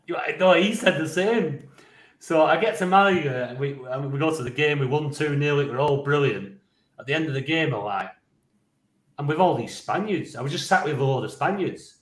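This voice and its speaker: A man, a podcast co-host telling a lively, rambling story, swearing freely and laughing along. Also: a little high, moderate pace, echoey room. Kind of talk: casual anecdote telling.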